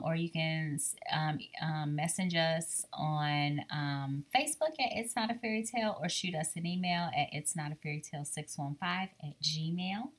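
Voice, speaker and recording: A woman's voice: medium pitch, a bit bright. A married woman co-hosting a podcast, chatting casually in an easygoing, agreeable way. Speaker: podcast co-host. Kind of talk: casual chat.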